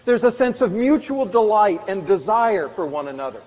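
A man preaches in a fairly high voice, earnest and measured as he reads stories aloud. His voice carries a long reverb from a church hall, and the recording is dull and lo-fi. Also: big pitch swings. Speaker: pastor. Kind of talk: sermon.

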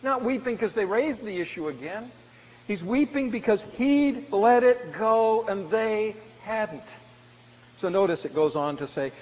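A male pastor with a notably high voice delivers a sermon, pressing hard on key words and then dropping to a hush. The sound is dull and lo-fi, carried by the long reverb of a church sanctuary. A faint hiss sits underneath. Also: measured pace. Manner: preaching with swings from loud emphasis to hushed lows.

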